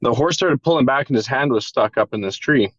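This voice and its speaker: A man's voice: medium pitch, brisk, no room sound, muffled recording. A man telling an emotional personal story in a candid, casual way, with the odd swear word. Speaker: podcast guest.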